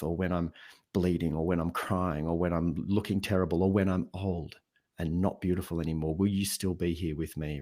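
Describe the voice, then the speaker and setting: A man speaking as a guest on a podcast in casual conversation, telling stories and acting out what people say. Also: sits low. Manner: animated storyteller, acts out quoted voices. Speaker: podcast guest, habits coach.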